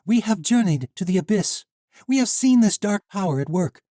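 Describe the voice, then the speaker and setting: A man's voice: high voice, animated, moderate pace, dark tone, no room sound, studio quality, pitched above the performer's own voice. A man voicing a bold, determined young heroine who speaks with defiance. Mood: defiant.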